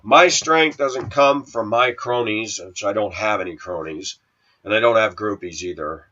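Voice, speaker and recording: A middle-aged man with a sniffly cold rants straight to his viewers, scolding and preaching in a forceful, bright-edged tone that sits a bit low. The recording is dull and lo-fi. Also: a little slow. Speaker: video channel host. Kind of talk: ranting to camera. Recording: dull lo-fi sound.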